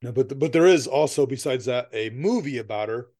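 Brisk and middle-pitched, this man co-hosts a podcast with easygoing banter. He rambles through lengthy anecdotes, laughs a lot and curses without holding back.

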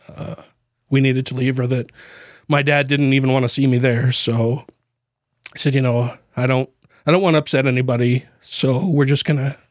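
A man co-hosting a podcast, telling a personal story in casual chat, halting with fillers and nervous laughs, grief close to the surface. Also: medium pitch, no room sound. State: grieving, voice near tears. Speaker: podcast co-host.

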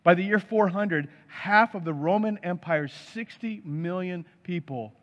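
A man's voice: sits high, unhurried. A male pastor preaching a sermon, emphatic and stacking up lists of words. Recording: dull sound with long hall reverb.

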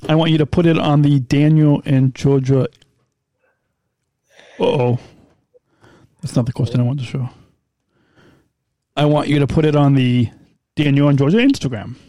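A man's voice: fairly even intonation, moderate pace, pauses often, warm tone, no echo, clean studio sound. A man co-hosting a casual podcast, reading listener questions in a playful radio voice. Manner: reads listener questions in a high sing-song radio voice. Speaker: podcast co-host.

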